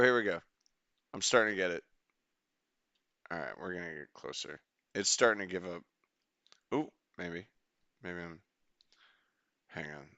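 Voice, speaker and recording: Gravelly, bright-voiced male streamer. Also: low-pitched, no echo, muffled recording. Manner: rambling, excitable, swears casually. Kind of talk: casual gameplay commentary.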